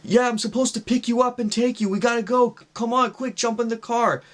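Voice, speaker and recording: Casting: man doing a pushy, shady stranger, high-pitched and urgent. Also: steady tone, a little fast. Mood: urgent coaxing. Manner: urgent, coaxing. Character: shady long-haired male stranger, pushy.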